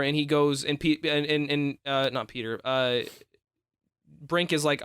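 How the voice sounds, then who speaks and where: A man's voice: a little high, steady tone, measured pace, fairly bright tone, smooth, no echo, clean studio sound. A man co-hosting a podcast, casually recapping a film with jokes and mock quotes. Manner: laid-back, joking, fond of mock-quoting characters. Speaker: podcast co-host.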